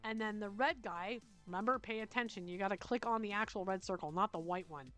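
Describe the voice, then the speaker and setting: Canadian woman walking you through a build tutorial, chatty, keeps asking okay?, soft music under it. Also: mid-range voice, a little fast. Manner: chatty, checks in often with "okay?". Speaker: tutorial host. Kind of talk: screen-recorded software tutorial.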